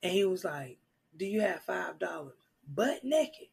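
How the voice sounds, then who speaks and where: A woman, guesting on a casual chat podcast and telling funny stories with animated quoted voices. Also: fairly low pitch, a little slow, gravelly, husky. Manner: animated, acts out quotes, laughs loudly.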